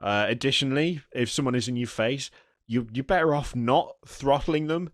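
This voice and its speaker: Man, podcast co-host, casual chat, halting and rambling, mid-pitched, dry close sound. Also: no room sound. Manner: rambling, self-interrupting storyteller with frequent ums.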